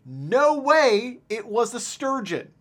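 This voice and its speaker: A man's voice: extremely high pitch, sing-song, takes it slowly, a bit bright. A man co-hosting a podcast, retelling lake monster sightings in a rambling casual chat with many fillers and frequent laughs. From Ohio. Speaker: podcast co-host.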